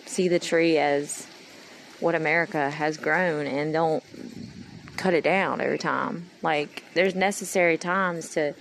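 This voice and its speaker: A woman's voice: low voice, fairly even intonation, a little slow, fairly bright tone, a little hiss or hum, low-quality recording. A woman in her thirties talking in a rambling, earnest personal monologue to her followers. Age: 30s. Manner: meandering, earnest, heartfelt. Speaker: vlogger.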